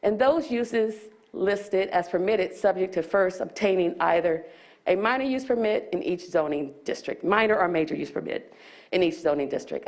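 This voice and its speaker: Her voice is lowish and a little mellow as she presents to a public board meeting on behalf of the county. A bit winded, she walks through ordinance rules and reads legal wording aloud, restarting briefly here and there.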